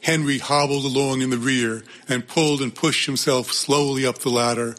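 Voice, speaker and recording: Man, reading aloud, plain mid-pitched voice, hesitant asides. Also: steady tone, moderate pace, fairly bright tone.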